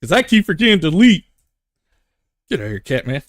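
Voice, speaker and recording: A man's voice: fairly high pitch, big pitch swings, fast talker, dry recording, studio quality. A man narrating as game master in a loose, joking way.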